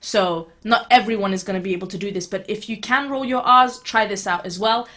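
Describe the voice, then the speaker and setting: This beatboxing teacher, a woman, runs a laid-back online tutorial at medium pitch and a slightly quick pace. Her easygoing delivery includes some fillers, and she stays even and supportive while reassuring her students.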